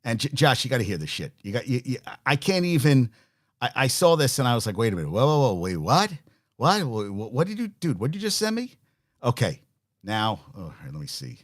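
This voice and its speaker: A man hosting a sports podcast in casual chat, rambling and animated, swearing and laughing as he talks. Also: mid-range voice, a little fast, no room sound, studio quality. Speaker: podcast host.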